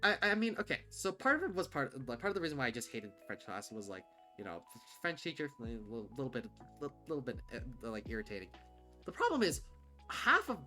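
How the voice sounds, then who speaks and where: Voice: medium pitch, pushed and bright. A livestreamer chatting casually and bluntly, rambling with many fillers and restarts. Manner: rambling, full of "like" and "um", frequent restarts; candid, blunt, swears casually.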